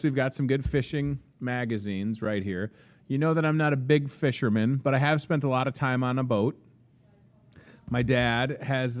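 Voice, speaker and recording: A man's voice: mid-range voice, darkish tone. A man hosting a live local morning show from a grocery store, talking casually and upbeat into a handheld microphone, with asides to the crew.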